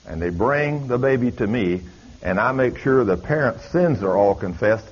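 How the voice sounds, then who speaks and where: A man's voice: mid-range voice, expressive, normal speed, slightly rough. A male preacher, telling stories in a folksy, emphatic drawl. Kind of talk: sermon storytelling. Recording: dull lo-fi recording.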